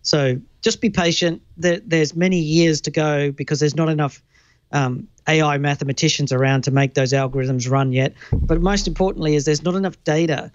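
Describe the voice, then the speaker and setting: Panelist, male, from the UK, slightly high, blunt explainer, muffled remote audio. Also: fairly even intonation, moderate pace, no echo. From United Kingdom. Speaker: guest panelist. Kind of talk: tech panel discussion.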